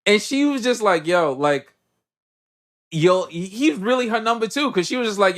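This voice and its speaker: A man's voice: high-pitched, lively intonation, normal speed, a bit bright. A young man casually recapping a movie on a podcast, acting out the characters and laughing as he goes. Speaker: podcast host.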